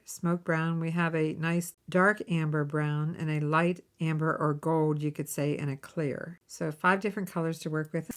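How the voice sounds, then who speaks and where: Lower-voiced woman chatting through a craft demo. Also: a little hiss or hum. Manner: chatty, thinks aloud while working, friendly tips. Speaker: jewelry-making channel host. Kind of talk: casual how-to demonstration.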